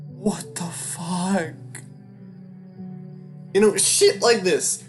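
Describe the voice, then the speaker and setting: Low-voiced woman swearing through a game. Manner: profane, jumpy reactions with squeals and nervous rambling. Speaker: streamer playing a visual novel. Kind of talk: let's-play commentary.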